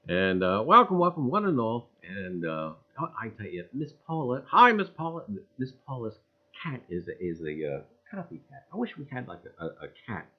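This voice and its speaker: A man hosting a casual livestream, loudly greeting viewers in a sing-song voice and muttering low asides, with "I tell you what" as a catchphrase. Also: big pitch swings, normal speed, breathy edge. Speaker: livestream host. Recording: dull, lo-fi livestream audio.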